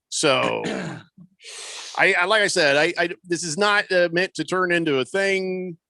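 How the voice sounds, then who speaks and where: In a studio, a man hosts a sports talk radio show, chatting casually on a studio microphone with lots of fillers and restarts. His voice sits on the high side with a fairly bright tone and no echo, and his manner is conversational and rambling.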